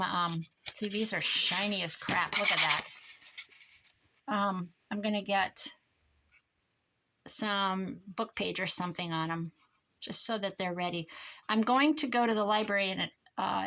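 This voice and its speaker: A woman's voice: medium pitch, measured pace, pushed and bright. Older woman chatting while crafting. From Iowa. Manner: rambling storytelling, laughs often. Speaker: crafter vlogger. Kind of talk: casual chat while crafting.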